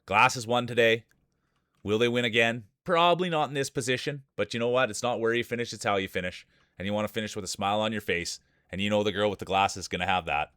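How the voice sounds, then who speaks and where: A man streaming live, calling a marble race in joking mock sports commentary with playful hype and teasing shout-outs to viewers. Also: lowish voice, fast, clear, resonant tone, dry recording, clean studio sound.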